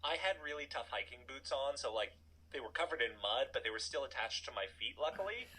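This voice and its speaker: A man in his thirties telling a personal story in a casual, animated way, full of "like" and asides. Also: mid-range voice, brisk, slightly rough, rough recording. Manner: animated, chatty, filler-heavy "like". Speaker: storytelling guest.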